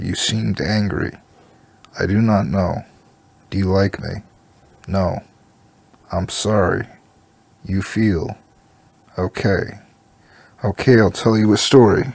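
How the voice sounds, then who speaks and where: A man's voice: low voice, steady tone, slow pace, gravelly, pauses often, darkish tone, husky, no room sound. A man reading a story aloud, giving every part in his own plain voice. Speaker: story reader.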